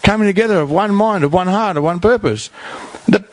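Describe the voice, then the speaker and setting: A man's voice: high-pitched, quick pace. A middle-aged man with an Australian accent, speaking bluntly and emphatically at a community forum, repeating himself for effect in plain slang. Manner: blunt, emphatic, repetitive, colloquial. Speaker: rehab house founder speaking at a community forum. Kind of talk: blunt public talk.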